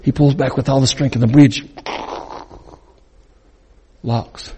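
A man preaching as a guest speaker, telling a dramatic story that swings between loud and hushed. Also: mid-range voice, fairly even intonation, takes it slowly, slight background noise. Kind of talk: sermon storytelling. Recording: long reverb in a large hall.

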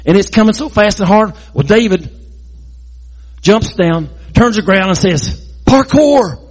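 A man telling a Bible story in a lively, folksy way, adding sound effects and jokes. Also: sits high, a little slow.

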